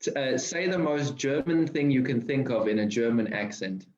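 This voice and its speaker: A man's voice: mid-range voice, lively intonation, normal speed, darkish tone. A man hosting a casual interview, asking light, prompting questions. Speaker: host. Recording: echoey, dull, faint noise.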